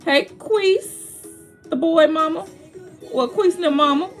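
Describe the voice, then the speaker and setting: A woman's voice: very high voice, slow pace, faint music behind. Chatty woman host greeting viewers. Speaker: livestream host. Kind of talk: casual livestream chat.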